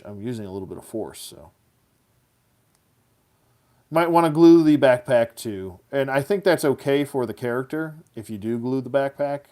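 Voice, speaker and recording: A man's voice: mid-range voice, a little mellow. A man casually reviewing action figures as he builds them, chatty and goofy, slipping into silly rhymes.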